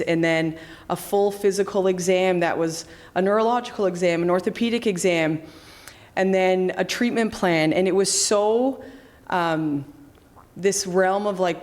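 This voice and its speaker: Chatty woman chiropractor, lowish voice. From Canada. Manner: chatty, many fillers and restarts, acts out quoted lines. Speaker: chiropractor and clinic founder. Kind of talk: casual interview conversation.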